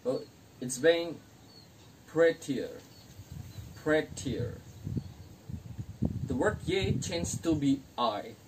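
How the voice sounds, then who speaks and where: Student teacher from Indonesia, young adult, very slow, repeats each example word, non-native grammar; recorded from a distance with faint background noise. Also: mid-range voice, expressive, darkish tone. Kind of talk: classroom grammar lesson.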